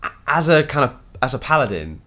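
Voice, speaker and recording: Man, player, lively pitch, jokey. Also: fairly quick. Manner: joking, animated. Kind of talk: tabletop game chat.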